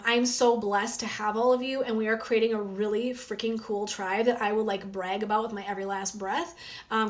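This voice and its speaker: A woman wellness coach chatting energetically on a phone live stream, with a sore throat from talking. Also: medium pitch. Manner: chatty and energetic, frequent "um" and "right?". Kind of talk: casual live stream chat.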